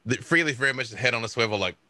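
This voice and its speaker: Guy player, really bright sharp voice, jokey. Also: medium pitch, very fast, no room sound, studio quality. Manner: jokey, animated. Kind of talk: tabletop role-play.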